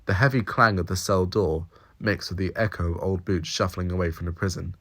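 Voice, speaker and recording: A man's voice: deep voice, fairly even intonation, a little fast, a bit bright. A man reading an audio story aloud, telling it steadily and descriptively. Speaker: reader.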